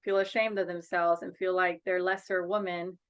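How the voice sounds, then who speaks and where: A woman's voice: fairly low pitch, level tone, moderate pace. Earnest mother talking on a call. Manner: earnest and outspoken. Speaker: guest; bereaved mother and advocate. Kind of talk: casual interview.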